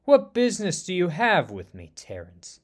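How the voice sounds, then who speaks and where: A man's voice: high voice, wildly swooping pitch, normal speed. A man voicing a cold, haughty silver alien herald who speaks in grave, formal lines.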